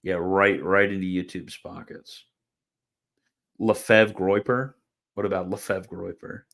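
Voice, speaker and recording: Young guy rambling on his livestream, kinda low voice, lots of ums and restarts. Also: flat delivery, unhurried, gravelly, a bit bright. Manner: rambling, laughs at comments, many fillers and restarts. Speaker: livestream host answering chat. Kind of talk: casual live-stream chat and Q&A.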